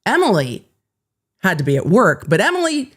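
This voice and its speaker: A woman lawyer hosting a legal commentary show, telling a story in a sarcastic, animated, profane way. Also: medium pitch, moderate pace, slightly rough.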